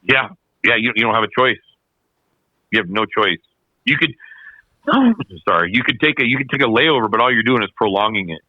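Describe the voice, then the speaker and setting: A man with a lowish voice tells a long, animated story over a podcast mic, loose and slangy, often doubling back on his own words. The sound is dull and dry, with no room around it. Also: brisk, pauses often, no echo. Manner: animated, slangy, repeats himself. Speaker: podcast guest, snowmobile racer. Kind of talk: casual storytelling.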